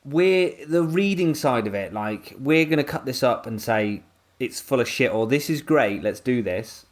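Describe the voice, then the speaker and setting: A man's voice: mid-range voice, expressive, moderate pace. A man co-hosting a podcast, chatting bluntly with plenty of swearing. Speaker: podcast co-host. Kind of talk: casual chat.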